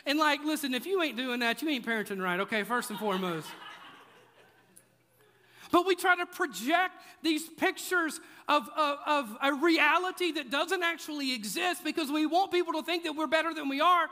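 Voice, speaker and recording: A man's voice: very high voice, normal speed, bright, forceful tone. A man preaching a sermon in a casual, joking way, driving points home with repetition. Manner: conversational, joking, emphatic repetition. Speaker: pastor. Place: church auditorium. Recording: echoey church hall.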